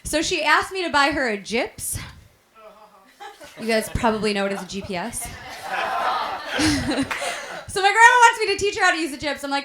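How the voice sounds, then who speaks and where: A woman's voice: high-pitched, sing-song, moderate pace, long pauses, crowd noise. A young woman from Chicago doing a chatty stand-up comedy set on stage, laughing at her own jokes. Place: stage at a variety show taping.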